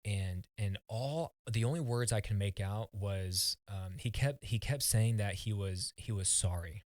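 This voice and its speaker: A man from the United States, a podcast guest, telling a personal story in an earnest, halting way, often restarting his words. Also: fairly low pitch, darkish tone, dry recording, studio quality.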